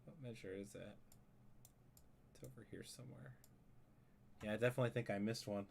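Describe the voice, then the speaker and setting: A man's voice: on the low side, steady tone, fairly quick, vocal fry, noisy background. A man explaining a music arrangement in a casual tutorial, rambling and correcting himself as he thinks aloud while editing a score. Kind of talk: casual screen-share tutorial.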